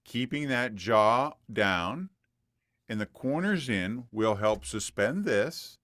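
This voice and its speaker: A man's voice: lowish voice, animated, slow pace, a bit bright, no echo, clean studio sound. A man coaching a student through a one-on-one voice lesson, patient and demonstrative, repeating points for emphasis.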